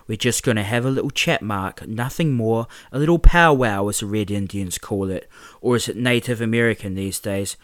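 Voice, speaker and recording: A man's voice: lowish voice, moderate pace, no room sound, natural voice. A man voicing a menacing teenage male bully with a British accent, speaking in a mocking, sneering way. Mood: taunting.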